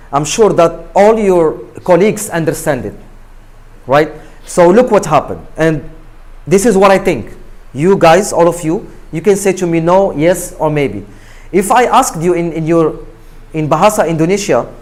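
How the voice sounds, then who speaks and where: A man speaking directly to a group of students, pressing them for fast answers. His voice sits a little higher than most men's. He comes across as blunt and insistent. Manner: direct, pushes for quick answers. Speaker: career talk speaker.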